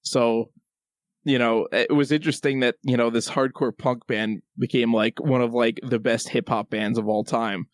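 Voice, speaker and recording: A man's voice: mid-range voice, moderate pace, no room sound. Man co-hosting a podcast, dry mic sound. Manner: loose, filler-heavy, relaxed explaining. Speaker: podcast co-host. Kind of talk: casual podcast chat.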